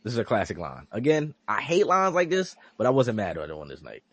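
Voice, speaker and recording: Husky dude hosting a wrestling pod, voice jumps all over when he quotes folks. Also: mid-range voice, a little fast, dry recording. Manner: animated storytelling, acts out quotes, swears. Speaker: podcast host. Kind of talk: casual wrestling recap chat.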